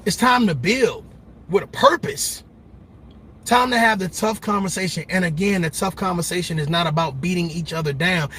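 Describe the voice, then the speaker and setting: A man's voice: high-pitched, sharp tone, slight background noise. A middle-aged man giving a passionate, preacher-like commentary monologue, emphatic and repetitive. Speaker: commentary vlogger.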